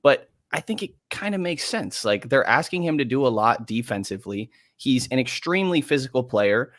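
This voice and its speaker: A man's voice: mid-range voice, expressive, normal speed, a bit bright, dry recording, clean studio sound. A man on a sports radio show, talking through the game in a casual, analytical way. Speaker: podcast host guest.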